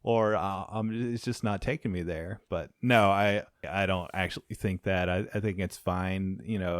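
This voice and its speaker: A man's voice: deep voice, no echo, studio quality. A man co-hosting a movie podcast, chatting loosely and jokingly, often stammering and repeating words. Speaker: podcast co-host. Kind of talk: casual movie review chat.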